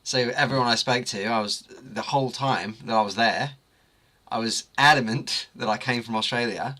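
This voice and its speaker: Bright-toned English man hosting a band stream, teasing, brisk storyteller. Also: mid-range voice. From England. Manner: upbeat, teasing, quick anecdotes. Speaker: livestream host. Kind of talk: casual chat.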